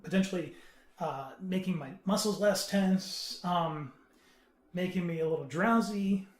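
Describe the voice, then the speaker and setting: A man in casual podcast chat, explaining earnestly with halting, restarting sentences. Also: high-pitched. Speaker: podcast panelist. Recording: roomy echo.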